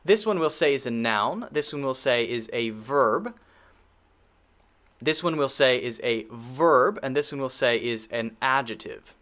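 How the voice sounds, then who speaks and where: A man teaching an English pronunciation video lesson, patient, repeating words slowly for drilling and checking in with a frequent "okay?". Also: medium pitch, expressive, fairly bright tone.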